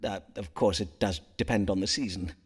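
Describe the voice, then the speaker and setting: An actor voicing a pompous Elizabethan astrologer-physician in a narrative game, speaking in florid archaic phrasing. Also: male voice, low voice, steady tone, fairly quick, breathy edge. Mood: grave. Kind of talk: voiced game dialogue in Elizabethan English.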